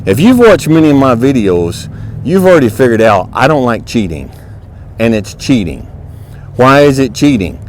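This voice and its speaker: A man's voice: medium pitch, sing-song, normal speed, a little hiss or hum, rough recording. Folksy man teaching horse handling outdoors. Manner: folksy, plain-spoken, direct teaching; coaxes the horse softly while working. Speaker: horse trainer and instructor. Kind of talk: hands-on instructional video.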